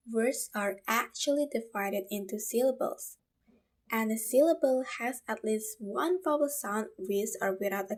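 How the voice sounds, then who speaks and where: A woman student with an Indonesian accent presenting a class video lesson, explaining slowly and carefully with repeated examples. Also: a little high, darkish tone.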